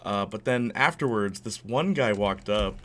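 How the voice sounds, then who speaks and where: A man's voice: fairly low pitch, a little slow, a bit bright, a little hiss or hum. A young man hosting a gaming channel, rambling and telling stories in casual chat while he plays. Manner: rambling, chatty storyteller. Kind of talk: casual gameplay commentary.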